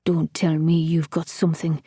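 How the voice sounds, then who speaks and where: A woman's voice: low voice, monotone, normal speed, mellow, breathy edge, no room sound, clean studio sound. A woman reading an audiobook, voicing a crude, blunt old male falcon who mocks and swears. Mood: wry. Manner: crass, blunt, mocking.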